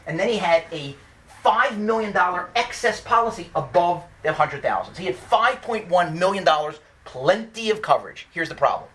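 A lawyer giving an animated storytelling talk, often restarting his sentences. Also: high voice, normal speed. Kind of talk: storytelling lecture.

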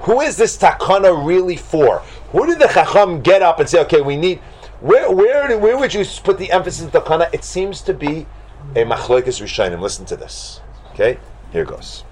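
A man teaching a Talmud class to students, asking them question after question in an animated way. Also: a little high, brisk. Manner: animated, questioning, mixes Hebrew and Aramaic terms.

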